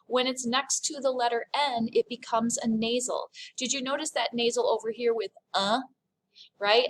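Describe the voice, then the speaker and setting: A woman's voice: a little high, poor audio. A woman French teacher giving a recorded online lesson, explaining pronunciation patiently and step by step.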